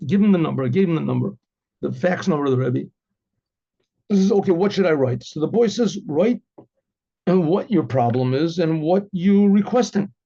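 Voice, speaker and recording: High-voiced man telling a story. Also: mellow. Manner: retells a story in first person, acting out quoted dialogue with many "he says"; occasional throat clearing. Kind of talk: spoken storytelling. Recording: dull lo-fi recording.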